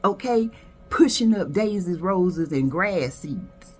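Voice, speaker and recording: A woman's voice: on the low side, expressive, slow pace, slightly rough, faint music behind. A woman from South Carolina giving sassy, gossipy commentary, reviewing skits with dramatic asides. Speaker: video reviewer. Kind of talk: casual commentary.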